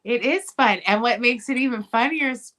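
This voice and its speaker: A woman's voice: fairly high pitch, moderate pace. A woman hosting a casual chat, teasing and encouraging her guests. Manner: teasing, lively. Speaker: podcast host.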